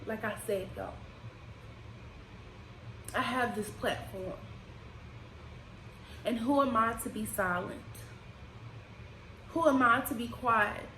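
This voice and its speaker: Woman vlogger, high voice, emotional and casual, echoey room recording. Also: slow pace, long pauses, background noise. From United States. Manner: emotional, rising and falling with feeling, Southern-tinged casual speech. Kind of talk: impassioned personal vlog. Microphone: desk microphone.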